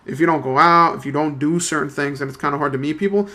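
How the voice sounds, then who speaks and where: A man's voice: a little high, quick pace, pushed and bright. A young man in his twenties chatting casually, telling a rambling, profane story full of slang and fillers. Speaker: let's play commentator.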